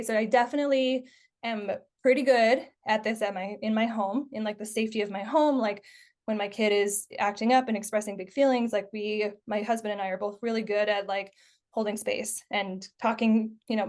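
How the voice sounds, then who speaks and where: A woman in her thirties with a fairly high voice hosts a relaxed podcast conversation. She talks in a loose, chatty way, with lots of "like" and "you know" between her thoughts. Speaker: podcast host. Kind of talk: casual conversational podcast chat.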